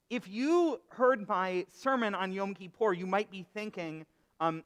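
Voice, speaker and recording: A man, a rabbi, telling a parable and giving a sermon with dry humor at a live service. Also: high-pitched. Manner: unhurried, expressive storyteller with dry humor. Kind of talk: sermon with storytelling. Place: synagogue sanctuary. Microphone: live service broadcast mic. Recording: echoey hall reverb, live broadcast.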